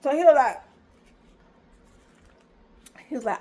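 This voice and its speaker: A woman telling a personal story to her viewers in a casual, animated way, acting out the dialogue. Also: high-pitched, moderate pace, long pauses. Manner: animated, retells scenes with quoted dialogue.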